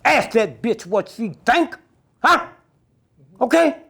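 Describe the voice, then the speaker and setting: A man's voice: extremely high pitch, very animated, takes it slowly, pushed and bright. An older man telling stories in a candid interview, blunt and profane, often tossing in a questioning "huh?". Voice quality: gravelly. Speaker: interview guest.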